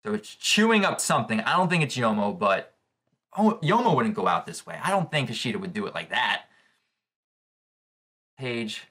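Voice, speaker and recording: A man giving live reaction commentary on a comic chapter, excitable and thinking aloud with restarts. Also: mid-range voice, normal speed, pauses often. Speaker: comic reaction channel host.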